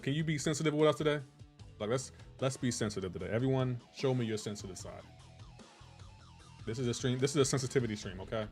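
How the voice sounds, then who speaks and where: A man's voice: mid-range voice, fast, faint music behind. Playful teasing male gamer streamer. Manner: playful, teasing, mock-offended banter. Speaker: livestream gamer. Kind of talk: casual chat with live chat viewers.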